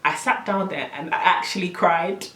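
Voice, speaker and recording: A young woman telling a story on her vlog, animated and exasperated, full of slang. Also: fairly low pitch, normal speed, distant mic. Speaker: vlogger. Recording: roomy, camera set back.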